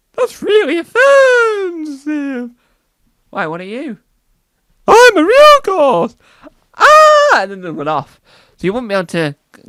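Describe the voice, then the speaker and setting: A man's voice: a little high, a bit bright, no room sound, studio quality. A man doing a stand-up comedy set, rambling with lots of asides and "right?" tags.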